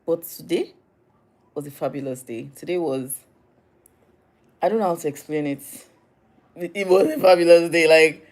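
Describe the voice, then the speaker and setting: A young Nigerian woman with a low voice, talking straight to her audience in a casual diary vlog. She is chatty and animated, laughing often and dropping in Nigerian phrases. Her voice sits a little deep for a woman. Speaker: vlogger.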